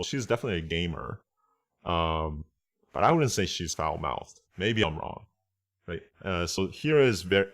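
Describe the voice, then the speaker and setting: A man's voice: low voice, a bit bright. A man giving a casual online lesson on translation. He explains step by step, reads Japanese phrases aloud, and keeps checking in with "right?" and "okay?". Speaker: translation teacher.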